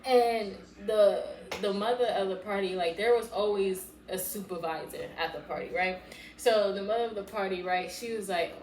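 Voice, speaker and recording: A woman, casually telling a storytime on her channel and loudly acting out her past self in bursts. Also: normal speed. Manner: animated, swings into loud high-pitched re-enactments of her past self. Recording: echoey room with faint background noise.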